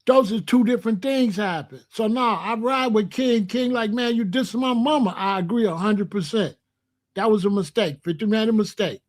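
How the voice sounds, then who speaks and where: High-voiced man giving emphatic commentary. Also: normal speed. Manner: emphatic, repetitive, slangy, preachy. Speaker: rap commentator. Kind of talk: opinionated commentary vlog.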